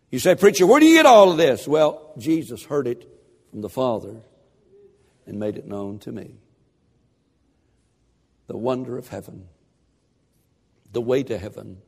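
A man preaching a sermon, fervent and building to shouted emphasis. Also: on the low side, creaky, slightly rough, big-room sound.

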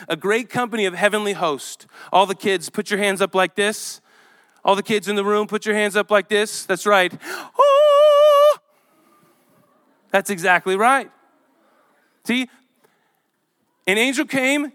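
A male pastor preaching a sermon in an animated, conversational way, reading scripture aloud to a church with children present. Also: high voice.

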